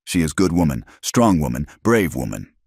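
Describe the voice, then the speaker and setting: A man voicing a large, calm male warrior who speaks simple, halting English with an accent. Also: very deep voice, slightly rough, no echo, studio quality, exaggerated voice. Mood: certain.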